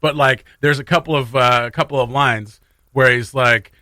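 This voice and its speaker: A chatty man hosts morning radio in a casual, playful way and laughs easily. His voice is bright and forward, and he sits at a mid pitch. The studio sound is close and dry. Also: fairly even intonation, moderate pace, no echo. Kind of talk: casual chat.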